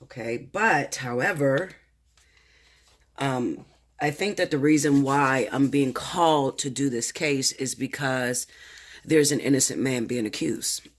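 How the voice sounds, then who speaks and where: A man's voice: medium pitch, unhurried. Nervous, rambling male tarot reader. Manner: nervous, rambling, stammers, swears freely, slangy. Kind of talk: casual direct-to-camera talk. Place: at home, late at night.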